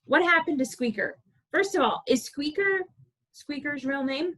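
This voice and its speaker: Give me an animated woman librarian reading a picture book to little kids, with a somewhat high voice. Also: moderate pace, low-quality recording. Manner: animated, asks children questions, playful voices. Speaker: children's librarian.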